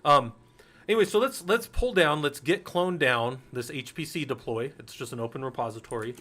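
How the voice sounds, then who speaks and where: A man's voice: medium pitch, normal speed, sharp tone. Blunt, swearing Linux instructor in his 40s. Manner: candid, swears freely, rambling anecdotes. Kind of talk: casual technical lecture.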